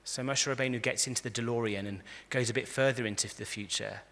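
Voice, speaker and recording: A man, a rabbi, giving a lively lecture to a live audience, telling stories and acting out the quotes with frequent restarts. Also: medium pitch, fast. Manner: animated storyteller, frequent restarts, acts out quotes. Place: large convention hall. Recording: echoey hall.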